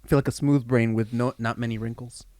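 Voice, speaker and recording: A man co-hosting a podcast who rambles through his points with loose, sweary phrasing. His voice has an average pitch for a man. It is recorded dry and close, with no reverb. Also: fairly even intonation, quick pace, a little mellow. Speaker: podcast co-host. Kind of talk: casual comedic chat.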